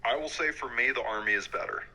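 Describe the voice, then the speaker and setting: A man in his thirties, an Army warrant officer, talking frankly in a relaxed interview with many fillers. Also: mid-range voice, quick pace, poor audio. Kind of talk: casual interview.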